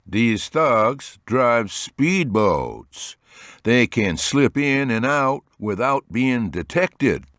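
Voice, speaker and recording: A man voicing a stern male federal agent in an audiobook, speaking firmly and flatly. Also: on the low side, measured pace, no room sound, studio quality, pitched above the performer's own voice. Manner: firm, flat delivery. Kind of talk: audiobook character voice.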